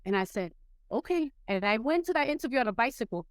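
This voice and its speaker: Middle-aged woman from puerto rico who grew up in nyc, smooth clear voice, dry close mic, tells her story all animated. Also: very fast, no room sound. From Puerto Rico, raised in New York City. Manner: animated, acts out quoted people with rising pitch. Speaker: podcast guest. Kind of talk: casual storytelling interview.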